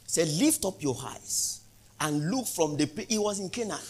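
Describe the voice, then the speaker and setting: A male pastor preaching a sermon, asking the congregation questions and building to loud, emphatic peaks. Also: sits high, lively intonation, moderate pace, husky.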